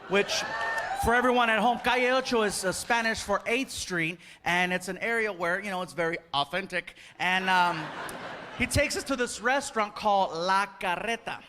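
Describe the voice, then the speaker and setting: Male stand-up comic, lively storyteller who acts out dialogue; live show recording with audience noise. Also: high voice, moderate pace. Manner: animated, acts out dialogue, laughing. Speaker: stand-up comedian. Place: comedy stage before an audience.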